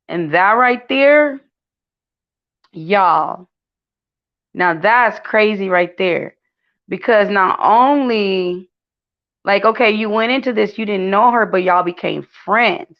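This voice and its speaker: A woman's voice: medium pitch, expressive, unhurried. Chatty woman spilling celebrity gossip. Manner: chatty, addresses viewers as y'all, many fillers. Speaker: gossip channel host. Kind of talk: casual celebrity gossip commentary. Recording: dull lo-fi sound.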